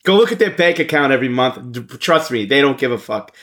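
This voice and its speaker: A man's voice: mid-range voice, lively intonation, fairly quick, fairly bright tone. A man co-hosting a casual sports podcast, blunt and profane, thinking aloud with lots of fillers. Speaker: podcast co-host.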